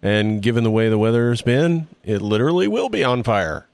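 A man's voice: mid-range voice, lively intonation, brisk, creaky, a little mellow, no room sound. A man announcing his band's plans on a casual podcast, slipping in dry jokes between fillers. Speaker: band member and podcast co-host. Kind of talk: casual banter, band announcements.

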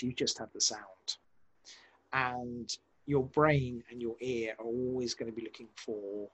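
A man, a podcast director, talking casually in an interview, animated and rambling with many restarts. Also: medium pitch, breathy edge, low-quality recording.

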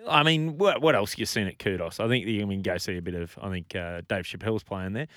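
A man's voice: on the low side, fairly quick, fairly bright tone, dry recording, clean studio sound. An Australian man co-hosting a casual sports podcast, joking and bantering playfully. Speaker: podcast co-host.

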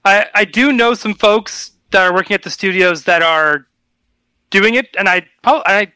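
A man's voice: high voice, unhurried, bright, forceful tone, clean tone, no echo. A man on a podcast panel, talking casually and tentatively with many fillers. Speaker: podcast co-host. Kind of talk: casual group chat.

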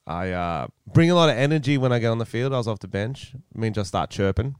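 An Australian man in his thirties with a smooth, resonant voice, co-hosting a casual podcast. He tells stories with lots of energy and swearing and acts out every scene. The sound is dry and close. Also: lowish voice, quick pace, no echo. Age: 30s. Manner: animated swearing storyteller who acts out scenes. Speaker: podcast co-host.

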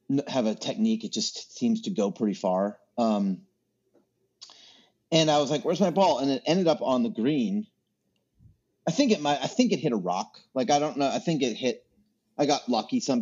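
A man's voice: medium pitch, darkish tone, lo-fi sound. A man chatting as a podcast guest, rambling through stories with lots of fillers and restarts. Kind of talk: casual chat.

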